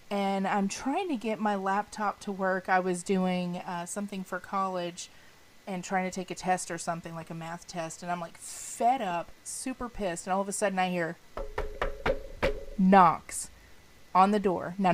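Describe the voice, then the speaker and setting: A woman co-hosting a podcast, telling stories in a casual, animated way, sarcastic and full of swearing. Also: medium pitch, a little hiss or hum. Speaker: podcast co-host. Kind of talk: casual storytelling chat.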